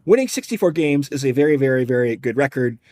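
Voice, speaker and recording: A man's voice: medium pitch, big pitch swings, fast talker, a little mellow. A man co-hosting a podcast, explaining sports numbers in a wry, conversational, analytical way. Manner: wry, explanatory, numbers-heavy, drops casual profanity. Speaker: podcast co-host.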